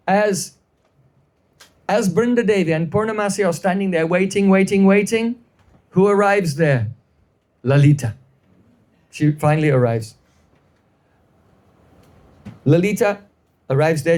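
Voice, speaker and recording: A man's voice: sits high, measured pace, pauses often, a little mellow. A man teaching in a live devotional storytelling class, explaining at length, repeating phrases, and checking in with listeners.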